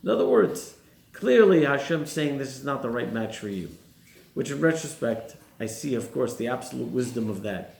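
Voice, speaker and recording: A man's voice: mid-range voice, animated, normal speed, gravelly, a little mellow. A man, a rabbi, giving a sermon and posing rhetorical questions to his listeners. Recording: roomy echo.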